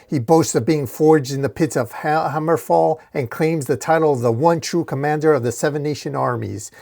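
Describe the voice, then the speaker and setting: A man's voice: on the high side, normal speed, gravelly, a little mellow. A man reading a fantasy comic aloud in a plain, casual storytelling way. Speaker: comic reader. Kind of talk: casual comic-book narration.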